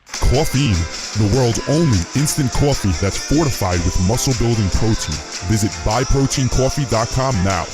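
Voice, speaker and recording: A man reading an ad as announcer, punchy sales pitch. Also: normal speed. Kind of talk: announcer read. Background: music.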